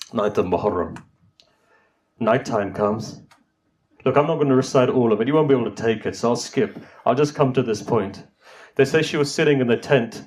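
A middle-aged man with a mid-range, somewhat dark voice delivers an emotional majlis sermon. He tells a mournful, grief-laden story, his voice rising as he pleads with his listeners.

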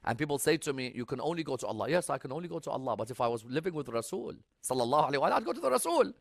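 A man preaching a sermon, moving between loud, urgent exhortation and soft, intimate storytelling, and reciting Arabic scripture in a quick chanting lilt. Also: mid-range voice, dry recording, clean studio sound. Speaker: religious preacher.

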